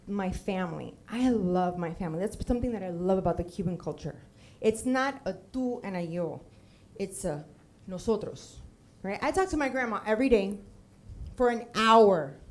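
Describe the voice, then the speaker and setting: A woman's voice: a little high, expressive, normal speed. A woman in her thirties from Miami, telling a comic personal story on a theater stage and acting out the voices of the people she quotes.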